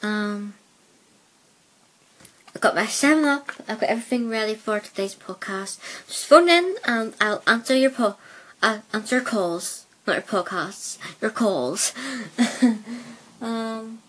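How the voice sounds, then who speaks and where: A woman's voice: a little high, lively intonation, unhurried, pauses often, a bit bright. A woman from Northern Ireland with a mixed Belfast and Plymouth accent, hosting a casual solo podcast on a headset mic, rambling hesitantly with many fillers. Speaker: podcast host.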